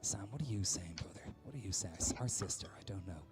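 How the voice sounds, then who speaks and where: A man's voice: low voice, expressive, quick pace, loud music behind the voice. A young Irish man with an Irish accent, a comedian hosting a charity stream with rambling, playful stand-up banter. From Ireland. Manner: rambling, self-interrupting, playful.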